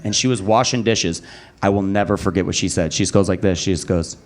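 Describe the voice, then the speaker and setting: A young man performing a stand-up comedy set at a comedy club, telling a story and acting out quoted voices. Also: fast. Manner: animated storytelling, acting out quotes with pitch jumps. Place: comedy club stage before a live audience.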